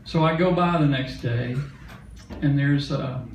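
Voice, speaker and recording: Heard from afar in an echoey concert hall, an older Mississippi musician spins an onstage story in a folksy, chatty way, laughing here and there. He speaks a little slowly in a mid-range voice with vocal fry, and there's a little hiss or hum.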